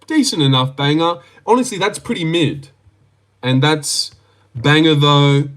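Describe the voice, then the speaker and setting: A man's voice: mid-range voice, pushed and bright. A young Australian man hosting a livestream, reading out chat and reacting in loose, slangy talk. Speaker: livestream host.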